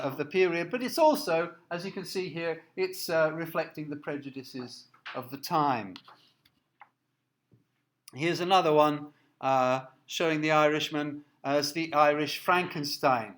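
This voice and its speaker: A man giving a recorded lecture, explaining slides in a halting way with many fillers and restarts. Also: on the high side, fairly bright tone. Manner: explanatory, asks listeners to look at slides.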